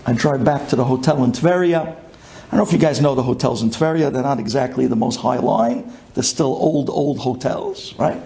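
A man from Brooklyn, telling a personal story with excitement, dropping low and then bursting into shouts. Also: normal speed, creaky. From Brooklyn, USA. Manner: excitable, swings from hushed to shouting.

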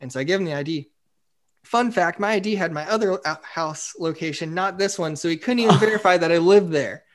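Man on a podcast, upbeat teller, slightly high voice, loose rambling delivery. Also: a little fast. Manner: animated, acts out quotes, frequent "like" fillers. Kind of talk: casual storytelling chat.

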